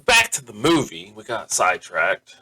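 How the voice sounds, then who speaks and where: Lowish bright-sounding podcast guy, casual chat, laughs a lot, stumbles on starts. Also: wildly swooping pitch, moderate pace, breathy edge, low-quality recording. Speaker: podcast co-host.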